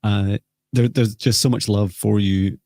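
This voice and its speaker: A man hosting a live psychic healing session, speaking softly and hesitantly with many pauses. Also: fairly low pitch, steady tone, gravelly, no echo. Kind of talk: slow, gentle guided healing talk.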